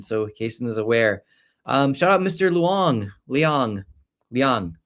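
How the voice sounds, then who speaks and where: A man hosting a casual live-stream exam review, chatting, rattling off viewer shout-outs and stumbling over names with quick apologies. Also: medium pitch.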